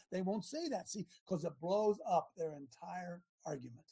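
A man's voice: high-pitched, sing-song, normal speed, few pauses. An older man hosting a show, delivering an impassioned opinion monologue in an emphatic, fired-up way, hammering his points home by repeating them. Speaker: show host.

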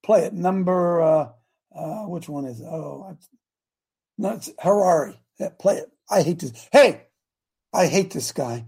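Gravelly older man preaching fiercely. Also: fairly high pitch, animated, moderate pace, warm tone. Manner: emphatic, exclamatory, calls out to the audience. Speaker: host and preacher. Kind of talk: fiery live-show sermon.

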